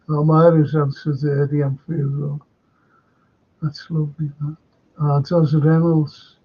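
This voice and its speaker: Older bloke hosting a stream, slow and husky, reads out comments, dull lo-fi audio. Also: male voice, on the high side, level tone. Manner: chatty, reads viewer comments aloud. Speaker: show host. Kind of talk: casual live-stream chat.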